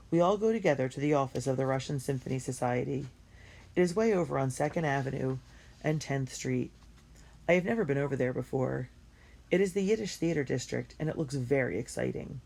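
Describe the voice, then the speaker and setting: A woman reading a first-person diary story aloud in an earnest and expressive way. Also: a bass voice, fairly quick, vocal fry. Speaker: audiobook reader.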